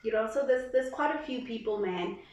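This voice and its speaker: A South African woman, a sports broadcaster, chatting as a guest and telling stories with lively acted-out quotes. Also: fairly high pitch, fairly quick, slight background noise. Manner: expressive storyteller who acts out quotes. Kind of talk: casual interview chat. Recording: roomy echo, distant mic.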